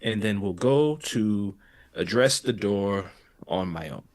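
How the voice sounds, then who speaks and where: A man's voice: fairly low pitch, expressive, slow, darkish tone. A man playing a tabletop game, talking through his moves hesitantly, thinking aloud. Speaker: player.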